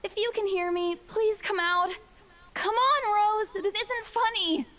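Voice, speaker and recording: A man's voice: extremely high pitch, a little slow, sharp tone, voice pushed up, exaggerated voice. A man putting on a nervous young woman's voice as she calls through an empty mansion, pleading and jittery. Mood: uneasy, pleading.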